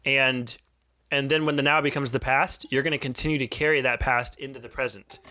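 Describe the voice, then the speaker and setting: A man in his thirties tells a personal story in an earnest, confessional way. He often restarts his sentences and turns soft and quiet in the tender parts. His voice is mid-pitched and sounds dry and close on the mic. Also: fairly even intonation, a little fast, no room sound. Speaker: podcast co-host.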